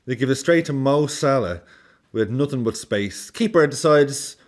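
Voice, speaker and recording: A man, giving animated, casual football commentary as a vlogger. He swears freely and acts out his reactions. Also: mid-range voice, moderate pace.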